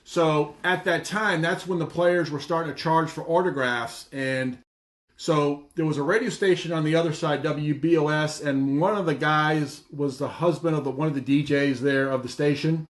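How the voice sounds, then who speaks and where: A man's voice: a little high, steady tone, moderate pace. A man as a podcast guest, chatting casually and recalling old stories with some hesitations. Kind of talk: casual conversation.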